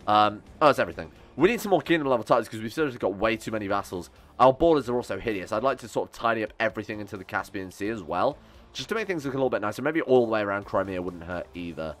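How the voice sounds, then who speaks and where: A man's voice: fairly low pitch, expressive, racing, a bit bright. A young man giving casual, chatty gameplay commentary, sarcastic and swearing as he talks back to the game's characters. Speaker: gaming YouTuber.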